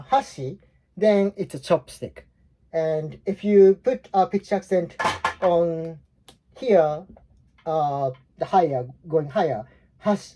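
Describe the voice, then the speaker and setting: A man in his forties, Japanese-accented, explains a language lesson loosely, restarting often and filling pauses. His voice sits high with a dark tone.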